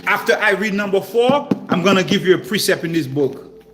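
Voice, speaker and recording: High-voiced man teaching from scripture. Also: a little fast, over music. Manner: reads verses aloud and comments playfully in slang; repeats phrases, animated asides.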